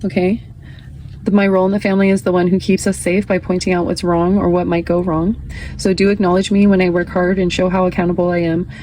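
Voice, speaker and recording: A woman's voice: lowish voice, level tone, fast talker, mellow, a little hiss or hum, low-quality recording. Chatty woman giving a tarot reading. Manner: chatty, reads card text aloud, laughs often. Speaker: tarot card reader.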